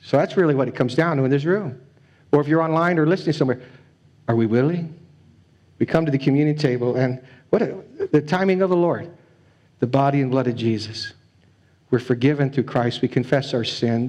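A man's voice: mid-range voice, a little fast, darkish tone. A man preaching a sermon as a pastor, earnest and pleading, often repeating his phrases. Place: church.

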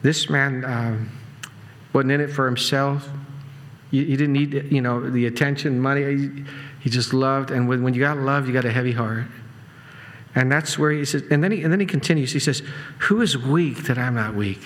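A man preaching a sermon in a conversational way, with asides and quick laughs. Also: mid-range voice, fairly even intonation. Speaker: pastor. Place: church sanctuary.

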